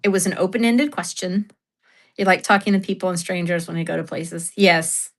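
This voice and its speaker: A woman's voice: lowish voice, fairly quick. A woman hosting a casual livestream, telling a story in a chatty way, laughing often and reading chat aloud. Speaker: livestream host.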